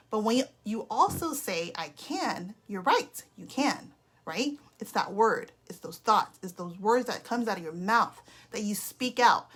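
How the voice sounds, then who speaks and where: A woman in her thirties giving an energetic team training talk as a sales leader, emphatic and often checking in with "okay?". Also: a little high.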